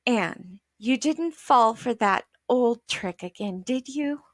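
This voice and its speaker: A woman voicing a weary mother in a children's storybook, low and calm but exasperated. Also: normal speed, no room sound, studio quality, close to an everyday voice.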